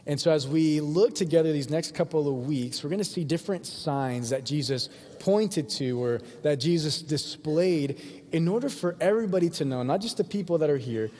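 A man's voice: a little high, dark tone. A man preaching a sermon in a church, in a casual, conversational way. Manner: casual and conversational, acts out voices of the crowd. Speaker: pastor. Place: church sanctuary. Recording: long hall reverb.

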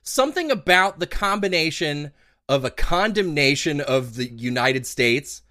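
A man hosting a podcast, chatting casually, lively and laughing often with loose swearing. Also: on the high side, a little slow, dry recording, clean studio sound. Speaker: podcast host.

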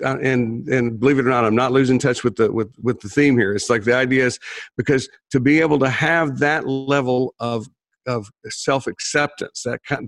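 A man's voice: medium pitch, no echo. A man co-hosting a casual conversation, rambling with frequent restarts and repeated words. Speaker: therapist podcast co-host.

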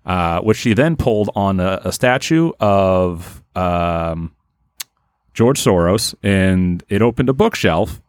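A man telling a crude comedy story on a podcast in a rambling, deadpan way. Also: low voice, slow pace, smooth, no room sound, studio quality. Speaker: podcast host.

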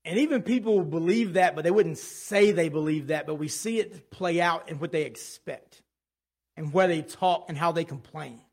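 A man in his thirties preaching a sermon in a conversational, animated way, telling stories from home. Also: on the high side, normal speed, creaky, husky. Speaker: pastor.

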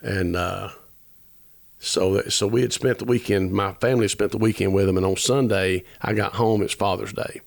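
A man's voice: lowish voice, fairly even intonation, normal speed, vocal fry, no echo. A man, telling a long personal story as a podcast guest, earnest and rambling, acting out the dialogue as he goes. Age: 50s. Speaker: musician guest.

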